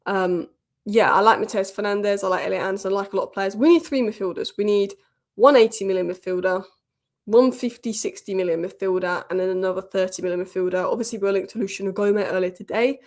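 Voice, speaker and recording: Woman, football channel host, rapid casual delivery, strong opinions, mid-range voice. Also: medium pitch. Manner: opinionated, chatty, quick asides. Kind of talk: casual football news commentary.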